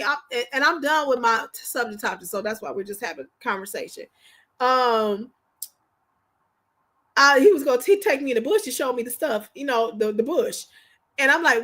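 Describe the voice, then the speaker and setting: A woman chatting casually on a livestream, telling animated stories to her viewers in slangy, informal speech. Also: fairly high pitch. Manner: animated, chatty storyteller addressing viewers directly. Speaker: livestream host.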